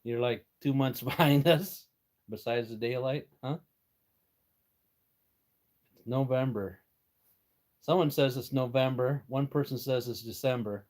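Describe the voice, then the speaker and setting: A man's voice: medium pitch, unhurried, pauses often, a little mellow. An older American man hosting a casual live stream from his workshop, chatting with viewers in a folksy way and chuckling as he answers their messages. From United States. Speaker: livestream host.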